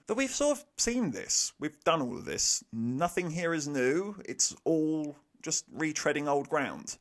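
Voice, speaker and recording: A man's voice: mid-range voice, fairly bright tone. A young man giving a sarcastic, exasperated film review rant, swearing freely. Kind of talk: ranting movie review.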